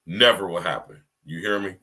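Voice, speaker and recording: A podcast host with a low voice and a sharp tone speaks at normal speed on a livestream. He addresses his listeners directly in a rambling, emphatic, repetitive monologue, often asking whether they hear him.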